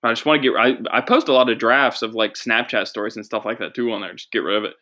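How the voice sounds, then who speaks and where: A man's voice: medium pitch, steady tone, quick pace, bright, forceful tone. A young adult man hosting his own podcast, rambling through a jokey, self-deprecating solo monologue in a small studio with a producer. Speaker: podcast host and comedian.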